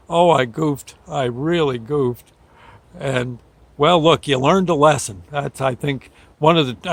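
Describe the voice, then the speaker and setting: An older man spins a folksy, rambling story as a show host, chuckling often and quickly voicing the people in it. His voice sits at an ordinary middle pitch. The sound is dry and close, with no room around it. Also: vocal fry, slightly rough, no echo. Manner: folksy, rambling, laughs often, acts out quotes. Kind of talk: casual storytelling.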